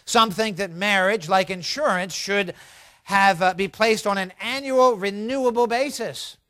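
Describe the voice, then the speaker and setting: A man preaching a sermon as pastor, telling a story in a measured, earnest way. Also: high-pitched, sharp tone, no room sound.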